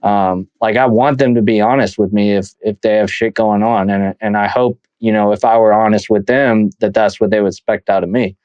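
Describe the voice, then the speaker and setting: A man's voice: fairly low pitch, steady tone, fairly quick, few pauses, darkish tone, smooth, no echo, muffled recording. Earnest man urging friends to check in. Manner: earnest, heartfelt, laid-back, says man and dude a lot. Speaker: podcast co-host. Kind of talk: casual podcast chat.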